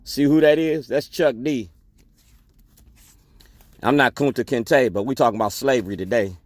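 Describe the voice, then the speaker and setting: A man's voice: medium pitch, moderate pace, no echo. Defiant man declaiming. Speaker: activist. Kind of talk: public testimony speech.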